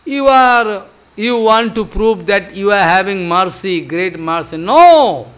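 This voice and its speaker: A man's voice: high voice, fairly even intonation, measured pace, fairly bright tone, clear, resonant tone. An older man giving a devotional discourse, chanting verses and explaining them with repeated emphatic phrases. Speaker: spiritual teacher.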